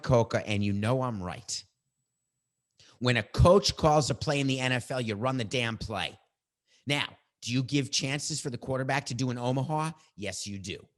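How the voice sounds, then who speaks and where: A middle-aged man hosting a sports podcast, giving his opinions in a combative, animated way and bantering with his producer. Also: mid-range voice.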